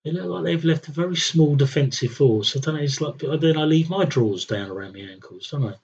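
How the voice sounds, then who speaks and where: A man's voice: a little high, expressive, brisk, darkish tone, highs cut off, slight background noise. A young man streaming a strategy game, thinking aloud with wry, muttered commentary. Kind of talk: casual live gameplay commentary.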